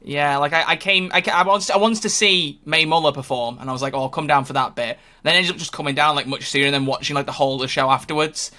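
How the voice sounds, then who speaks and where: A man's voice: fairly high pitch, fairly even intonation, bright, forceful tone. A man co-hosting a podcast, chatting casually and teasing his co-hosts. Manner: jokey, teasing, quick restarts. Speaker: podcast co-host. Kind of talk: casual chat.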